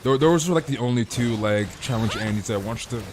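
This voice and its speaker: A man's voice: medium pitch, fairly quick, over music. A man streaming a game and ranting in casual chat, swearing and filling his talk with "dude" and "like.". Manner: swears and repeats himself.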